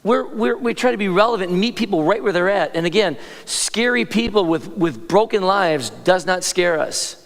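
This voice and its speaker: High-voiced pastor preaching in a hall. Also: male voice, animated, moderate pace, hardly any pauses. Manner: conversational, self-interrupting preaching with asides to the congregation. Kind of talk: sermon. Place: large church hall. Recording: long reverb of a church hall.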